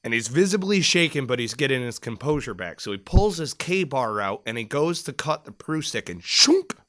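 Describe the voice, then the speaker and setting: A man co-hosting a podcast, telling a story in a casual, animated way with plenty of swearing. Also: mid-range voice, normal speed, no echo, studio quality. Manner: animated, profane, rambling storyteller. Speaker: podcast co-host, former Marine.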